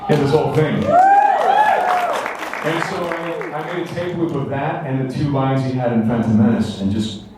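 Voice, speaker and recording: A man's voice: medium pitch, moderate pace, far from the mic, a loud crowd, very noisy. Man telling stories in an echoey hall. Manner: lively anecdotes with acted-out quotes and laughs. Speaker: actor at a fan convention Q&A. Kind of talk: animated storytelling to an audience. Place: large convention hall. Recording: echoey convention hall from afar.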